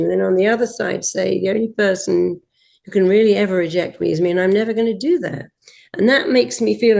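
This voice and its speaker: A woman's voice: medium pitch, creaky, darkish tone. A woman hypnotherapist giving a motivational talk and guided self-hypnosis, with a direct, repetitive coaching delivery.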